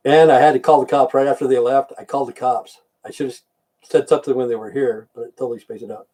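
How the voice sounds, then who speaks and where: Older male streamer, dark mellow voice, cussing, rambling, blunt. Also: medium pitch, steady tone, quick pace, recorded from a distance. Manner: blunt, profane, rambling rants. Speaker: livestream host. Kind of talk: casual livestream chat.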